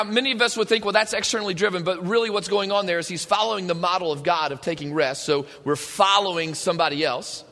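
A man preaching a sermon as pastor, animated and rhetorical, talking straight to his congregation. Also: high-pitched. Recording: long hall reverb.

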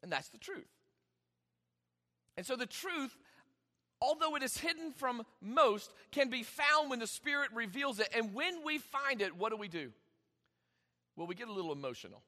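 A man preaching a sermon, emphatic, with dramatic pauses and sudden swings in volume. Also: very high voice, sing-song, bright, forceful tone, in a large hall. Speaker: pastor.

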